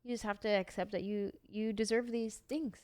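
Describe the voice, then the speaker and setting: Smooth-voiced woman podcast host. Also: medium pitch, steady tone, moderate pace, darkish tone. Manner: encouraging, affirming. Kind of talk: casual podcast chat.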